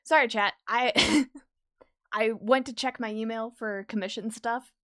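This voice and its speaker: A young woman streamer chatting casually with her viewers while she draws, easily excited and quick to laugh. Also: on the high side, no room sound, studio quality. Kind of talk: casual livestream chat while drawing.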